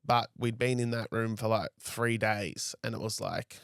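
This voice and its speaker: Rambling young man, smooth voice. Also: lowish voice, steady tone, normal speed, no room sound, clean studio sound. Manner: rambling, frequent "like" and "I was like". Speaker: guest. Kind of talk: casual storytelling in a podcast interview.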